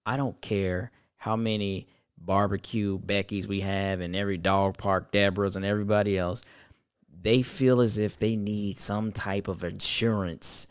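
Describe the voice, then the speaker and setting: A man's voice: on the low side, fairly even intonation, normal speed, clean tone, no echo, studio quality. A man co-hosting a podcast, talking thoughtfully and reflectively in casual conversation. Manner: thoughtful, reflective, searching for words. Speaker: podcast co-host.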